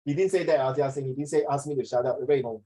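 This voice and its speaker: Chatty tutor with a lilt. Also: male voice, medium pitch, quick pace, dark tone, rough recording. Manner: chatty, teasing, mixes in Mandarin. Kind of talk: online class teaching.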